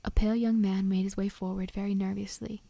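A woman reading a storybook aloud in a gentle, steady, often half-whispered way, close to the mic. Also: mid-range voice, brisk, creaky. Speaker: narrator.

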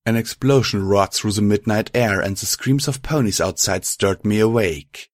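Man reading fan fiction aloud, low voice, dry close sound, steady storytelling. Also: moderate pace, hardly any pauses, no echo. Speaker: narrator.

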